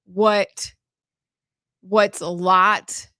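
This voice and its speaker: A woman's voice: medium pitch, flat delivery, drawn-out words, sharp tone, clean tone, no echo, studio quality. Chatty middle-aged woman host. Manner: playful, chatty banter. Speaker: show host. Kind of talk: casual chat.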